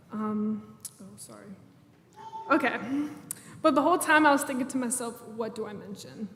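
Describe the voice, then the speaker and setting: Young woman, slightly high voice, casual and self-deprecating ceremony speaker; long reverb, faint room hum. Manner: chatty, self-deprecating, laughs through nervous moments. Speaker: senior class president giving a graduation speech. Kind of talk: prepared ceremony speech. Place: large church sanctuary. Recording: echoey hall, room mic.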